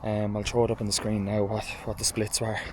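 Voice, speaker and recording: A man with an Irish accent chatting casually to camera in a running vlog. He is excitable, swears freely and keeps calling his viewers lads. He talks from a car and then outdoors in a park while running. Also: on the low side, a little fast, rough recording. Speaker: running vlogger. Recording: loud background noise from car and outdoor traffic.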